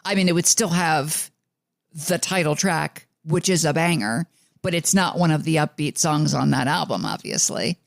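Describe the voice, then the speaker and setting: A man's voice: on the high side, normal speed, gravelly, dry recording, studio quality. A man from the New York suburbs co-hosting a music podcast in a rambling casual chat, full of fillers and restarts. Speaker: podcast co-host.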